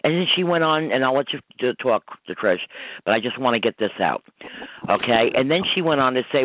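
A man's voice: medium pitch, expressive, brisk, slight background noise. A middle-aged man hosting a call-in radio show as a psychic medium, talking in an emphatic, rambling, upset way. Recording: dry tinny phone-line audio.

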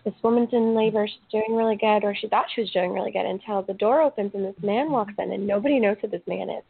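A woman hosts an interview podcast in a casual chat, telling stories in an emotional, rambling way packed with fillers. She talks fast at a medium pitch with vocal fry and a breathy edge, over tinny call audio.

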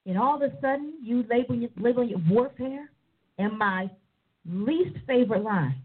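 High-voiced lady preaching, animated, doing little voices, sounds like it's coming through a phone. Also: normal speed, breathy edge, phone-quality sound. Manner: animated, mimics people in voices. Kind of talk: sermon.

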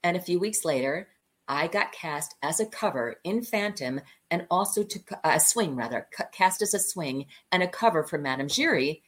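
A woman guest, a cabaret singer, telling stories from her career in an animated, conversational way and laughing often. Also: on the low side, normal speed. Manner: lively anecdotes, acting out the voices of people she quotes; laughs often mid-story.

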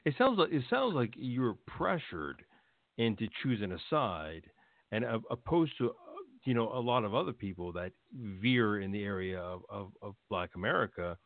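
Lively-pitched man interviewer, tinny line. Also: normal speed, gravelly, no echo. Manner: probing, restates the guest's story back to her. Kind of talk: interview questions.

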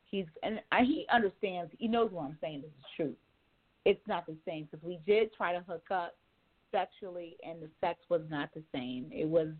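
A woman calling in for a casual chat, talking frankly and profanely and laughing often. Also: on the low side. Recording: tinny phone line.

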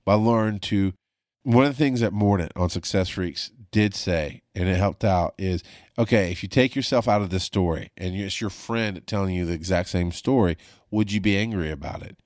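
A man with a fairly low voice talks candidly into a studio mic. He is blunt and emphatic, and he swears freely. The sound is close and dry, with no room echo. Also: moderate pace, darkish tone. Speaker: podcast host and paramedic. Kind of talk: candid podcast monologue. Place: home studio. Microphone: studio mic on a video call.

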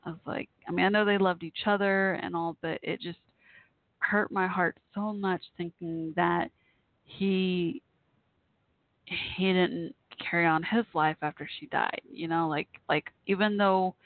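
A woman's voice: fairly low pitch, fairly even intonation, no room sound. Emotional woman host on a phone line. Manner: halting and emotional, many fillers and restarts. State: near tears. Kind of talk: call-in radio talk show. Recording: tinny phone-line audio.

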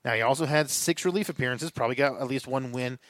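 A man's voice: mid-range voice, fast talker, fairly bright tone, no echo, clean studio sound. A man co-hosting a podcast, giving opinionated views in casual chat and thinking aloud. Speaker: podcast co-host. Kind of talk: casual fantasy baseball chat.

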